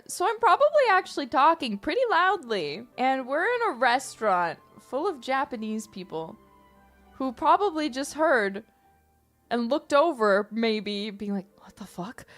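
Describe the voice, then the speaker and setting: Young woman, live-stream chatter, slightly high voice, rambling and playful, faint music bed. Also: fairly bright tone. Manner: playful, rambling, theatrical bursts. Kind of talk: casual live-stream chat.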